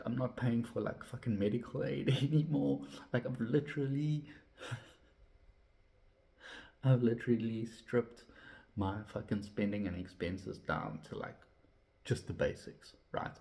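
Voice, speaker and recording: A man's voice: creaky, darkish tone. A man, talking candidly to camera, swearing often and ranting with heat. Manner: swears constantly, heated and ranting; drops to low, reflective tone. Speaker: vlogger. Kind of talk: candid personal talk to camera.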